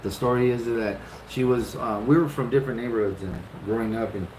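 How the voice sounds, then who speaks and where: A man's voice: medium pitch, fairly even intonation, brisk, a little mellow. A man in his fifties casually tells how he met his wife, acting out his own reactions and swearing a lot. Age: 50s. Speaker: husband telling how the couple met. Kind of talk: casual storytelling. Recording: roomy echo with clear background noise.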